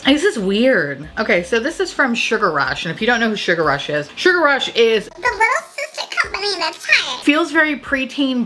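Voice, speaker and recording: A woman's voice: medium pitch, fairly bright tone, slight background noise. A young woman giving casual, profane and sarcastic commentary on new makeup releases.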